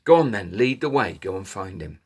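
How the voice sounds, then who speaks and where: A man's voice: low voice, expressive, fairly quick, a little mellow, husky, voice pushed down. A man voicing a stern male chief wolf who gives firm orders in a children's story. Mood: commanding. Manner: firm, commanding.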